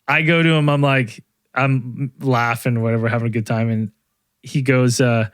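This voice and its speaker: A man's voice: medium pitch, fairly even intonation, moderate pace, clear, resonant tone, dry recording, studio quality. Rambling, profane podcast man. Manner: rambling, swearing, many restarts. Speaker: podcast co-host. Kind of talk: casual storytelling chat.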